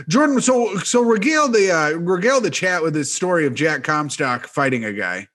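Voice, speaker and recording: A man's voice: on the high side, expressive, measured pace, a bit bright. A man co-hosting a casual comedy talk show, laid-back and joking, who laughs often. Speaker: show co-host.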